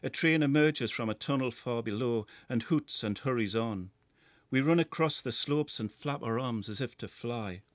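Geordie male narrator, middle-aged, measured lyrical read, mid pitch, dry booth sound. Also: no room sound. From North East England. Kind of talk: scripted first-person narration.

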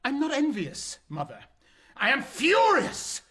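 A man's voice: high voice, very animated, measured pace, pushed and bright, full character voice. An actor playing an indignant wealthy father who was deceived by his guest, blustering in rhymed stage verse. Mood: furious. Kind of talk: stage play in rhyming verse.

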